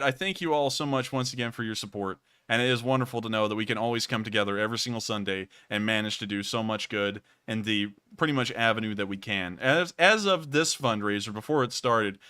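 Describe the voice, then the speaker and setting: A male livestream host leads a charity stream with effusive thanks to donors. His voice is bright and crisp, and it sounds close and dry. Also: on the low side, dry recording.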